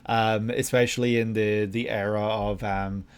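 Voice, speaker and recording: Guy doing reaction commentary, lowish voice, lots of um and uh as he thinks. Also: flat delivery, unhurried, clean tone. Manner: thinking aloud, hesitant with many fillers. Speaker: reaction video host.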